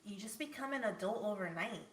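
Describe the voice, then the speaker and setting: A woman's voice: medium pitch, animated, a little fast, a bit bright, low-quality recording. A woman hosting a podcast in casual chat, candid and profane, often breaking into laughter. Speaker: podcast host.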